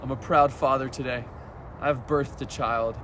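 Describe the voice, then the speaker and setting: A man's voice: medium pitch, fairly even intonation, normal speed, a bit bright, a little hiss or hum. A man vlogging casually with his pet, playful and cooing at it in baby talk.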